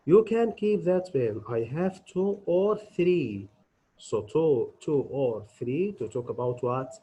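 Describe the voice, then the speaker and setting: A man teaching an English grammar lesson. He talks deliberately, asks his students questions and answers them himself. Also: medium pitch, noisy background.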